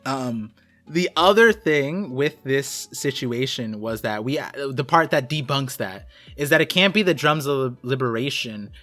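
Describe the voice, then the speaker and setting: A man's voice: mid-range voice, measured pace, fairly bright tone, soft background music. A man talking as a guest in a casual chat, explaining in a rambling way with lots of fillers. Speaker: guest co-host.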